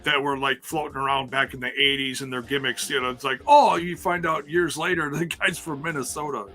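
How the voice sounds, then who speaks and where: A man's voice: fairly high pitch, fairly even intonation, brisk, bright, forceful tone, faint music behind. A man co-hosting a casual podcast, telling self-deprecating stories and laughing at himself. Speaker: podcast co-host.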